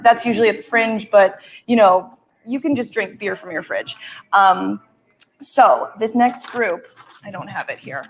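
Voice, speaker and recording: A woman's voice: medium pitch, a little hiss or hum, low-quality recording. A woman hosting a festival livestream who introduces the next act in a chatty, loosely rambling way over a video call.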